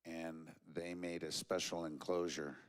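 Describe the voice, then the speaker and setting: A man making a halting, informal announcement at a memorial event. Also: low-pitched, flat delivery, smooth. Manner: halting, with many fillers. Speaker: event emcee.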